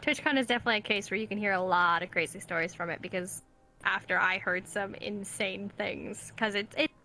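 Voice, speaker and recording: Bright, chatty female streamer guest. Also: mid-range voice, brisk, slight background noise. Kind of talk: casual streamed interview chat.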